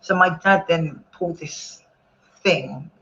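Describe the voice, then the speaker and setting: A woman telling a personal story on a panel, rambling and halting, with many fillers and restarts. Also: lowish voice, sharp tone, lo-fi sound. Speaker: panel guest.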